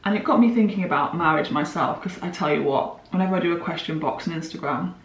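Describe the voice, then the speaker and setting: A woman's voice: lowish voice, background noise. A chatty woman in her twenties talks through her makeup routine, bubbly and gushing. She sits some way back from the mic. The room around her is roomy and echoey. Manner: gushing, chatty, quick to laugh. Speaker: beauty vlogger. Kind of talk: chatty get-ready-with-me monologue. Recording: roomy echo, mic at a distance.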